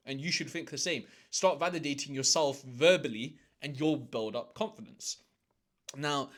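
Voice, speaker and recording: A man's voice: mid-range voice, sharp tone. A man giving dating advice in a casual vlog, talking in a brash, crude, emphatic way and swearing often. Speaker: dating coach.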